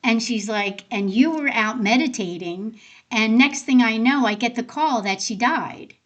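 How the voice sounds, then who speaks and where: A woman's voice: a little high, a little slow, muffled recording. A woman being interviewed as a guest, an end of life doula telling personal stories in a casual, conversational way and acting out the dialogue she quotes. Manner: animated, acts out quoted dialogue in her stories.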